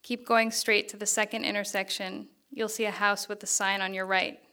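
Woman reading a soft-spoken young photographer. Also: medium pitch, flat delivery, normal speed, clean tone. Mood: quietly friendly. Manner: quiet, friendly. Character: friendly young male photographer. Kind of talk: reading fiction aloud.

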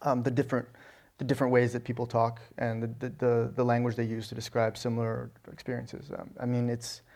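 Fast-talking, flat-toned man telling stories. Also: medium pitch, vocal fry. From Alabama, US. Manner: animated storyteller with frequent restarts and "you know". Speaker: guest, novelist. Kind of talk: conversational interview answers.

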